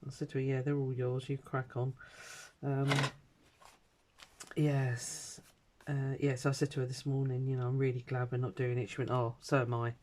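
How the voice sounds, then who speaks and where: A woman's voice: a bass voice, level tone, moderate pace, a little mellow, a little hiss or hum. A middle-aged British woman vlogging at her home craft desk, chatting in a rambling way with lots of ums and uhs. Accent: British English. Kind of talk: casual chat.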